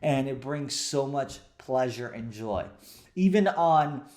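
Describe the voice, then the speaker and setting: A man's voice: mid-range voice, lively intonation, slow pace, darkish tone. A man in his thirties, a coach, giving an emphatic motivational talk and repeating key phrases for stress.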